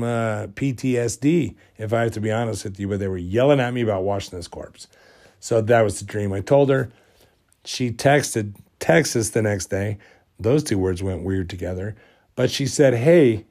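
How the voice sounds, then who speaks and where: A man with a lowish voice talks through a long, rambling story on his podcast. He sounds amused and self-deprecating, in loose, casual chat, and he is still getting over a cold. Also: darkish tone. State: recovering from a cold. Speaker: podcast host.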